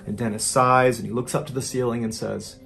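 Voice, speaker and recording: A man's voice: medium pitch, level tone, fairly quick, gravelly, fairly bright tone, faint music behind. A man hosting a podcast, telling a true-crime story in a casual, conversational way that builds suspense. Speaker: podcast host.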